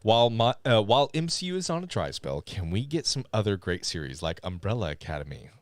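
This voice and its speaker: A man with a low voice co-hosts a live podcast, chatting casually. His pitch swings widely as he reads out listener messages and laughs. The sound is dry and close to the mic. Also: fast, no room sound. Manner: animated, laughs often, reads chat aloud. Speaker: podcast co-host. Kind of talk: casual live-stream chat.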